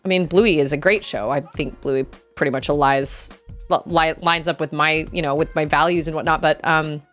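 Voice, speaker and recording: A woman's voice: sits low, fairly even intonation, moderate pace, fairly bright tone, faint music behind. A woman from Utah streaming a game, rambling chattily and laughing often as she plays. She enunciates carefully, with hard R's. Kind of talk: casual chat while playing a game.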